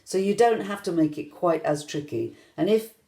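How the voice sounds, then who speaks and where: Woman rhythm teacher, low voice, gentle and encouraging, chants the beats, echoey room. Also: normal speed, vocal fry. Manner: gentle, encouraging, sings out the rhythms as she counts. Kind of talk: online music lesson.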